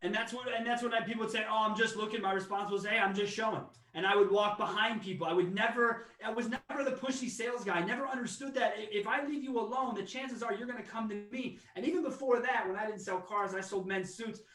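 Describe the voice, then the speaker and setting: High-pitched podcast host dude, blunt sales talk, echoey room, sits back from the mic. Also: male voice, fast, few pauses, fairly bright tone, recorded from a distance. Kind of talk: casual podcast conversation.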